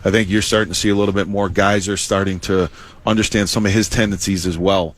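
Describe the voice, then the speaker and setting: A man, a hockey head coach, giving measured interview answers with lots of "you know" and "uh". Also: sits low, flat delivery.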